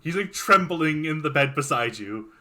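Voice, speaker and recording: A man's voice: on the high side, animated, moderate pace, noisy background. A man narrating as game master in a tabletop game, playful and laughing often.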